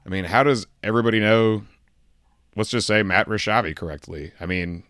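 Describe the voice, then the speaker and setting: A man's voice: fairly low pitch, a little fast, dry recording. Sarcastic ranting man, dry sound. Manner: sarcastic, animated, mock-indignant. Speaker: podcast segment guest. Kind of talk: comedic rant.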